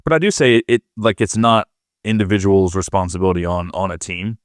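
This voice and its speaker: A man's voice: deep voice, fairly even intonation, fairly quick, no echo, studio quality. A man co-hosting a leadership podcast, thinking aloud in a loose, conversational way with lots of fillers. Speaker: podcast co-host.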